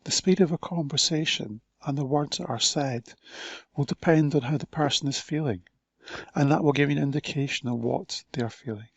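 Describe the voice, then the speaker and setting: Male speaker for a talk, gravelly and unhurried, with a dry close sound. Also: fairly high pitch, no room sound, lo-fi sound. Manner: slow, deliberate, with pauses between phrases. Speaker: conference speaker. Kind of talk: recorded conference talk.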